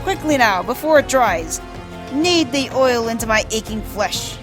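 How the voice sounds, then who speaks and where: A woman voicing a pompous, theatrical male gentleman adventurer from a video game, grandiose and melodramatic. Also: on the high side, expressive, unhurried, music in the background, pitched above the performer's own voice. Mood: grand. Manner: grandiose, melodramatic, overblown delivery.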